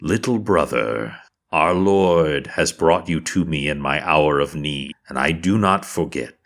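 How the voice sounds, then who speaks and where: A man voicing a wise, weakened old male brass dragon who speaks slowly and formally. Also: extremely low pitch, expressive, fairly bright tone, full character voice. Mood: solemn. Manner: slow, grave and formal.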